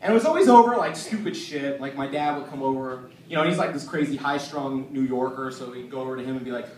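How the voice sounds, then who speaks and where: This stand-up comic has a medium-pitched, slightly mellow voice and talks fast, barely pausing. His set of loose, profane, filler-heavy stories is captured onstage at a comedy venue through a distant mic in a noisy, echoey room.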